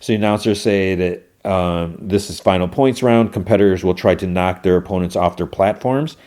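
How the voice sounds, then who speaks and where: Low, mellow-voiced man recapping a show. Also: normal speed. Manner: retells scenes with loose quoted lines, many "like" fillers. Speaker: podcast host. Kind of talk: casual episode recap.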